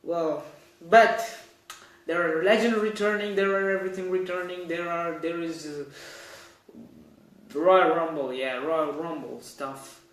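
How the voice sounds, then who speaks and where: Man, high voice, rambling news chat, self-correcting, echoey room. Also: fairly even intonation, a little slow, a bit bright. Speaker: host. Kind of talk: casual news commentary.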